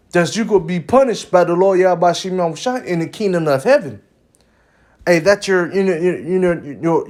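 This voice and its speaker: A man's voice: high-pitched, darkish tone. A man giving a religious lesson in an emphatic preaching style. He often ends phrases with "man" and sometimes stumbles and repeats words. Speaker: religious teacher.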